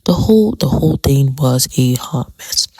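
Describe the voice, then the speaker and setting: Woman, low voice, dry close sound, chatty dramatic show recap. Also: animated, moderate pace, warm tone, breathy edge, no echo. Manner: chatty, dramatic, repeats phrases for emphasis. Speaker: TV show commentator. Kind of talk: casual recap commentary.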